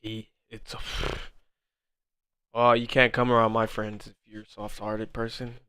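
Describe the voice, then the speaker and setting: A young man in his twenties chats with viewers on a trading livestream, drawling along at an unhurried pace. He laughs often, swears freely and calls everyone bro. His voice is close and dry, with no room around it. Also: fairly low pitch, little pitch movement, pushed and bright, clear, resonant tone, dry recording. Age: 20s. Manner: laughs hard, swears, bro-heavy banter. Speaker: forex livestream host. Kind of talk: casual livestream chat.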